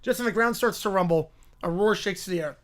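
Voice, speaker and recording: A man hosting a live stream, reading a fan story aloud in a quick, offhand way. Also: high voice, fairly bright tone.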